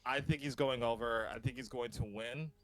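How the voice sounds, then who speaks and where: A man hosting a casual podcast chat, enthusiastic, laughing often and filling pauses with ums. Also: medium pitch, steady tone, fairly bright tone, no echo, low-quality recording. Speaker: podcast host.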